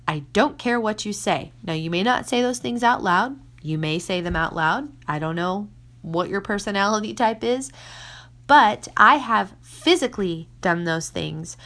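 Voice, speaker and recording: A woman, a mother of six, giving casual faith-based advice in an earnest way, sometimes dropping to a soft whisper for emphasis. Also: fairly low pitch. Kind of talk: casual Christian teaching talk.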